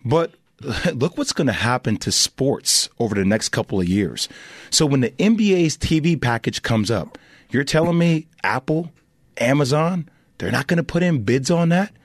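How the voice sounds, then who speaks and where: A man's voice: medium pitch, normal speed, no room sound. A man appearing as a studio guest on a sports radio show, chatting casually and making emphatic points while talking over the hosts. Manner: animated, emphatic, talks over others. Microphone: studio mic.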